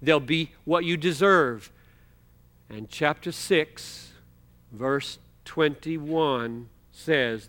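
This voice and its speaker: Male preacher, bright ringing tone, emphatic, loud-then-soft delivery, words drawn out for stress. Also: medium pitch. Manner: emphatic, swings from loud exclamations to quiet asides; slows to stress key words. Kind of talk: expository sermon.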